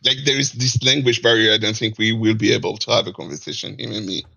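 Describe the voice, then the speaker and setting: A man with a French Canadian accent debating in a live online discussion, pressing the same question again and again with halting, repeated phrasing. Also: lowish voice, vocal fry, sharp tone.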